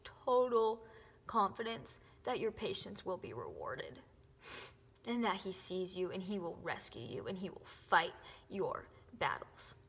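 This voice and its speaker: Emotional breathy young woman, soft whispers. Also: fairly low pitch, very animated, unhurried. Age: young adult. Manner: earnest, emotional, often drops to a soft whisper. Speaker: faith vlogger. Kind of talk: heartfelt testimony to camera. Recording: echoey room with long reverb.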